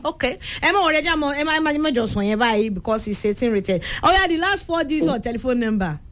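A Nigerian woman hosts a call-in radio game show with a high voice. She teases callers and chats freely, switching languages mid-sentence. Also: animated, racing. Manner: teasing, chatty, switches between languages.

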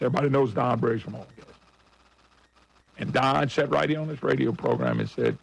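A man's voice: medium pitch, big pitch swings, brisk, vocal fry, breathy edge, rough recording. A middle-aged man hosting a radio talk show, talking in a blunt, folksy and combative way and calling his listeners folks. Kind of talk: opinionated radio monologue.

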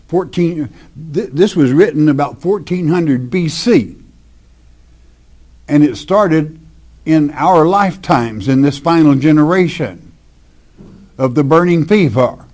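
A man teaching the Bible verse by verse, reading scripture slowly with emphasis and then explaining it in plain, folksy talk. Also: fairly high pitch, a little mellow.

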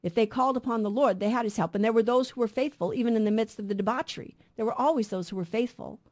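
A woman's voice: on the high side, quick pace, darkish tone. A middle-aged woman co-hosting a radio Bible program, teaching in an earnest way and asking and answering her own questions.

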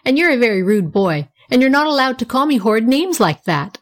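A dreamy little girl of eight, eager and wistful, lifts her voice higher and brighter than the narration around her, as a woman reads her part in an audiobook. She sounds touchy and longing by turns, always in a clear storybook tone. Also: big pitch swings, a little fast. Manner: eager, wistful, raised girlish pitch. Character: girl Nora, under nine, dreamy and touchy. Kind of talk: audiobook character reading.

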